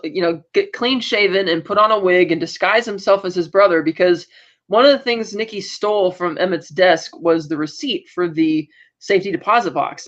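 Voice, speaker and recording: A woman's voice: on the low side, dull audio. A woman co-hosting a podcast, recapping TV episodes in a loose, rambling way with plenty of fillers. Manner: rambling recap with many fillers and quoted bits. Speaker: podcast co-host. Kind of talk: casual TV recap chat.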